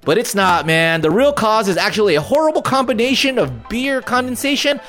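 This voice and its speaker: A man co-hosting a comedy podcast, chatting casually and reading news with excitable, swearing, goofy asides. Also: high voice, fairly quick, soft background music. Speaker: podcast co-host.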